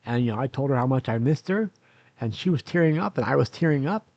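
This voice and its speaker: Speaking animatedly and quickly, this older man vlogs from his nursing home room with a camera aimed at himself, winding through a lengthy personal tale full of "uh"s and self-corrections. His mid-range voice carries vocal fry and a darkish tone. There's no room sound, and the highs are cut off.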